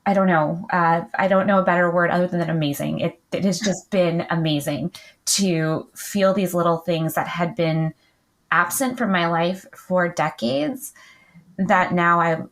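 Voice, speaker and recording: A woman's voice: fairly low pitch, measured pace. A middle-aged woman talking casually as an interview guest, chatty with many fillers and frequent light laughs. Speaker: podcast guest, client.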